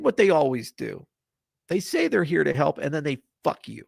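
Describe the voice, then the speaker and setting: A man giving an unscripted, passionate and blunt monologue to camera, profane and swinging from quiet to loud. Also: on the high side, very animated, normal speed, creaky, breathy edge, dry recording, studio quality. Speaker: crypto industry founder. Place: Colorado.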